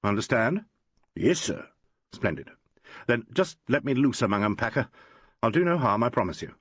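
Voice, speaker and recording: A man's voice: mid-range voice, very animated, moderate pace, fairly bright tone, husky, no echo. A man doing an urbane English inspector. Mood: teasing. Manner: urbane, teasing, polished. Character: suave, playful English chief inspector, male.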